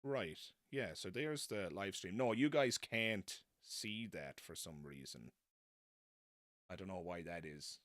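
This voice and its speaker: A man's voice: low voice, lively intonation, slow, a bit bright, no room sound, clean studio sound. A man hosting a live stream, chatting casually and self-deprecatingly, wandering off into tangents. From not American. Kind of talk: casual rambling live chat.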